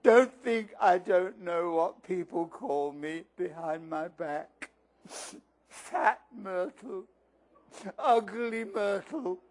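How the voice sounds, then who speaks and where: A man voicing a weepy, self-pitying teenage girl ghost with a slow, wailing delivery, reading a children's novel aloud. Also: high voice, darkish tone.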